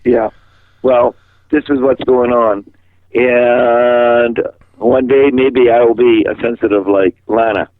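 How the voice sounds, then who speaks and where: A man's voice: mid-range voice, slow, no echo. An older man from Massachusetts talks over a tinny, dry phone line, voice squeezed thin by the call. He rambles through stories and slips into the voices of the people he quotes. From Massachusetts, USA. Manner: animated storyteller who acts out quoted voices. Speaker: interviewee, musician. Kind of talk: rambling storytelling in a phone interview.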